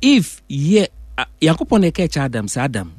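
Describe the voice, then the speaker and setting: A man's voice: on the high side, wildly swooping pitch, normal speed, darkish tone, no room sound. A man, a pastor guest on a radio show, teaching emphatically. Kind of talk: radio studio discussion.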